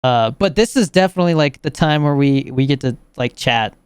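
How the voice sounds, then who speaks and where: A young man hosting a podcast with friends, rambling through stories full of "like" and quick laughs. His voice is smooth and clear at an ordinary pitch, recorded dry and close. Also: expressive, no room sound. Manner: rambling, filler-heavy, laughs often. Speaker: podcast host. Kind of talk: casual chat.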